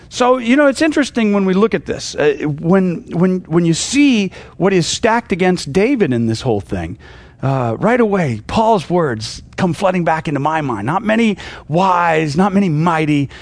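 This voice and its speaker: A middle-aged man teaches scripture in a loose, chatty way, stumbling over fillers and restarts. His voice sits high and swings widely as he acts out the people in the story. The sound is close and dry. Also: very animated, moderate pace, darkish tone, dry recording. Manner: conversational, many fillers and restarts, acts out quoted lines. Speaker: pastor. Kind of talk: casual Bible teaching.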